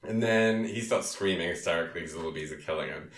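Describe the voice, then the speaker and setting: This is a low, deep-voiced man chatting casually in a roomy, echoey space. His tone is bright and forward, and he rambles along with lots of ums and laughter. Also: fast. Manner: rambling, many ums, laughs often, quotes characters in silly voices. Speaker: podcast co-host recapping a film. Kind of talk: casual chat.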